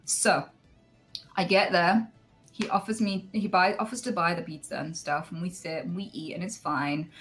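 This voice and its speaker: Woman in her 30s chatting, tells a long story, lively, does little voices. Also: lowish voice, moderate pace, faint music behind. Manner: animated, acts out voices in quotes. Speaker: streamer telling a story. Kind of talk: casual storytelling chat.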